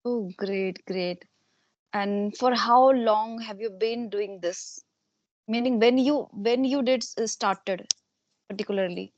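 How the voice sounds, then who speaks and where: A woman's voice: fairly high pitch, no room sound, muffled recording. A woman from India, a teacher politely asking questions in a conversation practice interview. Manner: polite, measured, asks questions. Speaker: English teacher and channel host.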